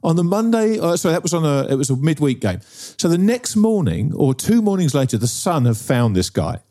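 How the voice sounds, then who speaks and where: A middle-aged man chats and tells a long story, his pitch swinging widely as he goes. His tone is dark and mellow, a little higher than most men's. He keeps checking in with his listener. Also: big pitch swings, a little fast. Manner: storytelling, keeps asking "right?". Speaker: podcast co-host. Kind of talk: animated casual chat.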